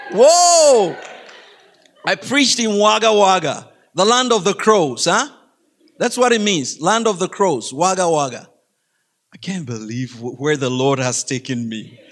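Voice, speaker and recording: A man's voice: sits high, expressive, moderate pace, a bit bright. A middle-aged man giving a humorous faith talk to a school audience, chatty and laughing, often asking the listeners questions. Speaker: guest speaker.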